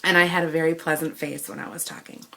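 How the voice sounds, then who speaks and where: A woman's voice: low-pitched, quick pace, creaky. A woman from Wisconsin, telling a shopping complaint story and acting out both sides of the conversation. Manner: animated retelling, acting out both sides of the dialogue. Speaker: vlogger. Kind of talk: ranting story to camera.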